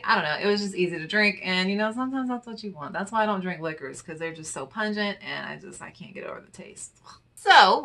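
A woman's voice: mid-range voice, pushed and bright. A woman vlogger chatting casually and playfully as she reads wine charts aloud, with muttered asides. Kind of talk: casual chat reading infographics aloud.

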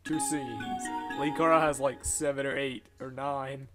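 A man's voice: mid-range voice, steady tone, unhurried, over music. A young man hosting a let's play, casual and self-mocking, laughing often as he plays. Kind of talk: casual gameplay commentary.

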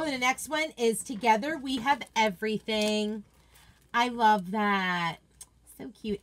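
A woman's voice: on the high side, a bit bright. A woman hosting a casual live unboxing, chatty and gushing as she reads out viewer comments. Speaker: craft product consultant and host.

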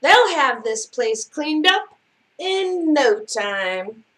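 A woman voicing an unflappable, smooth-talking male cat in a read-aloud storybook, with calm, breezy reassurance. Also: high voice, drawn-out words, exaggerated voice. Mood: soothing.

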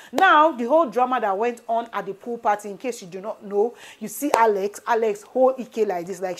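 A Nigerian woman vlogger giving a casual gossip recap, animated and switching between English and pidgin. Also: on the high side. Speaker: entertainment vlogger.

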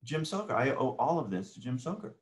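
A man in his sixties, a guest in a casual interview, telling animated stories and acting out the dialogue. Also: medium pitch, a little fast. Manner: animated anecdotal storyteller who acts out quoted dialogue.

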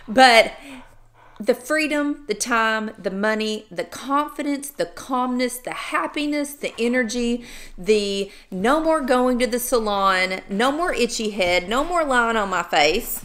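A woman's voice: a little high, expressive, measured pace, fairly bright tone. A middle-aged woman vlogging in a casual, chatty way, talking straight to her viewers with playful sarcasm. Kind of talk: casual chat to camera.

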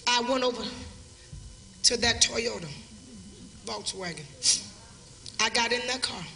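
A middle-aged woman preacher telling a story in a live sermon, calling on the crowd to answer back and swinging from low storytelling into shouts. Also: a little slow, creaky, roomy sound, big-room sound, a little hiss or hum. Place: live church crusade.

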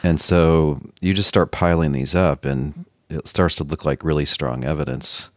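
A man hosting a casual podcast talk about theology, explaining his reasoning in a wry, measured way. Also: a bass voice, steady tone, dry recording, clean studio sound. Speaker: podcast host.

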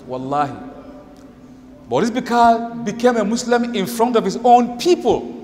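A man preacher giving a lively sermon, telling a story and acting out the quotes of its people. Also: sits high, normal speed. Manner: animated storytelling, acts out quotes. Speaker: Islamic preacher. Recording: echoey hall, faint background noise.

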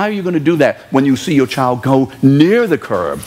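A man preaching a sermon in a church, animated, acting out quoted voices and sometimes shouting. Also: medium pitch, fairly quick, few pauses, slight background noise. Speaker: pastor. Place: church sanctuary.

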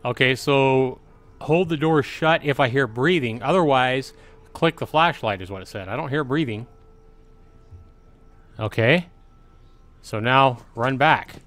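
A man's voice: mid-range voice, unhurried, pauses often, a bit bright. A middle-aged man giving casual let's-play commentary at home, chatty and reading game prompts aloud. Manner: chatty, reads on-screen game text aloud. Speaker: gaming channel host.

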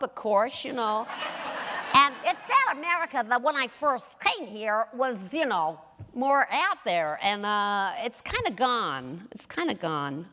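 A woman chatting as a guest in an onstage interview, animated and laughing often. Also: a little high, background noise. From England. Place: stage in a large hall. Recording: long hall reverb.

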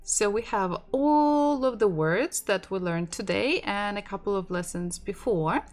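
Slow woman teaching. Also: medium pitch, lively intonation, a little mellow, faint music behind. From Russia. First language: Russian. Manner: slow, repeats each word for learners to echo. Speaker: Russian language teacher. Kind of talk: online language lesson.

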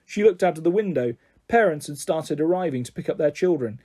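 A man narrating a children's storybook aloud with an expressive delivery. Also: on the high side, a little fast, breathy edge. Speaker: audiobook reader.

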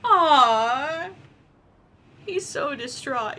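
A young woman casually commenting on a game she is playing, excitable and giggly, swearing often. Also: high voice, takes it slowly. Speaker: gameplay commentator. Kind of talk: casual let's-play commentary.

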